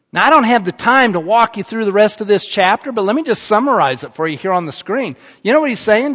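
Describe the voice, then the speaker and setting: A man's voice: high-pitched, big pitch swings, brisk, fairly bright tone. A male pastor preaching a sermon in a conversational, emphatic way, repeating phrases for stress. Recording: muffled sound with long reverb in a large hall.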